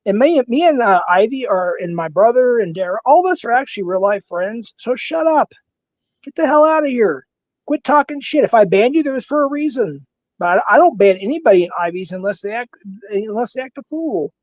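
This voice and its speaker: A man's voice: very high voice, lively intonation, brisk, no echo. A man in his fifties with a Minnesota accent, hosting a casual livestream panel in a blunt, heated way and swearing freely. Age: 50s.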